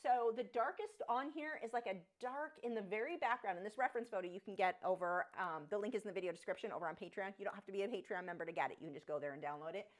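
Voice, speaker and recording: A woman's voice: racing, few pauses. A woman hosting a live painting tutorial from her home studio, talking in a casual, rambling way and interrupting herself often. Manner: chatty, rambling, self-interrupting; high sing-song voice when talking to her dogs. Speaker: painting instructor on a live stream.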